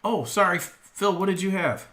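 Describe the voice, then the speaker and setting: A man's voice: high-pitched, brisk, bright, forceful tone. A man narrating as game master of a tabletop game, with loose, laughing asides.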